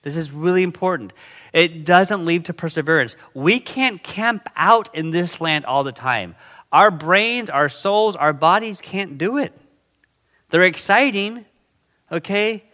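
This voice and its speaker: A middle-aged man delivers a sermon with a somewhat high, bright and forceful voice. He keeps it conversational and animated, stopping to check in with the congregation. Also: unhurried. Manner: conversational, animated, frequent "okay?" and "right?" check-ins. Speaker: pastor.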